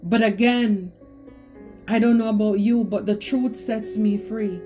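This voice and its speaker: A woman's voice: medium pitch, fairly even intonation, unhurried, mellow, soft background music. A woman giving a spiritual tarot reading, talking emphatically and repeating phrases for stress. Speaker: tarot reader.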